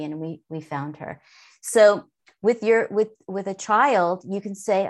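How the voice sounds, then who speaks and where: A middle-aged woman talking through calming techniques in a relaxed conversation. Her pitch sits in the middle range, and her delivery stays calm and patient. She teaches gently, without hurry. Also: normal speed. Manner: calm, gently instructive, models soothing talk to a child. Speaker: guest expert on mindfulness. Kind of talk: conversational explanation.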